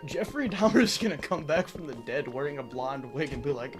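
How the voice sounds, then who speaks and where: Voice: medium pitch, animated, normal speed, over music. A live streamer in casual chat, ranting and teasing with exasperation and swearing.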